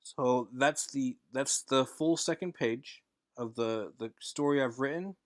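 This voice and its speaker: A man's voice: medium pitch, unhurried, dry recording, clean studio sound. A man explaining his comic script in a casual tutorial voice-over, rambling and correcting himself with frequent fillers.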